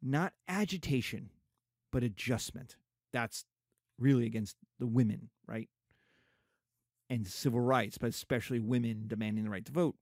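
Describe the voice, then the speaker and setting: A middle-aged man lecturing on history in an animated way, slipping into mocking asides. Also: mid-range voice, moderate pace, husky, dry recording, clean studio sound.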